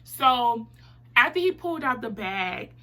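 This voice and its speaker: Bright-voiced young woman telling a story. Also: a little high, unhurried. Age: 20s. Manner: animated, acts out quotes with laughter. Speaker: vlog host telling a story. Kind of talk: casual storytelling chat.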